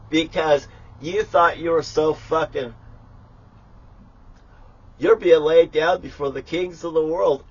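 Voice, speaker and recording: Man, husky voice, profane grandiose rant, muffled lo-fi audio. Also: a little high, slow, pauses often. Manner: talks while cooking. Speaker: vlogger. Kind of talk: rambling live vlog monologue.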